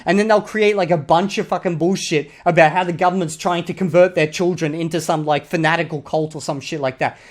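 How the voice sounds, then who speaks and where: A mid-pitched Australian voice talking through online comments in a loose, casual vlog style. The speaker is blunt and swears often, driving points home with a pushy "okay?" at the end of lines. The delivery sounds like an opinionated young adult thinking aloud. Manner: blunt and profane, repeatedly drops a prodding "okay?". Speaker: YouTuber critiquing online comments.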